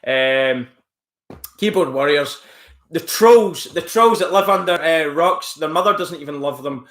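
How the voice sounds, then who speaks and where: Streaming live from home, a man rambles casually while reacting to chat messages and poking fun at a troll. His voice is a little high, a little slow and fairly bright, with a roomy echo on the recording.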